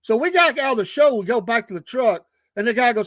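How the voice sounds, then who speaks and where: A man's voice: very high-pitched, animated, a little fast, a bit bright, no echo. A middle-aged man, hosting a casual livestream and telling stories with frequent laughter. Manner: chatty, laughs often. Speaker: host.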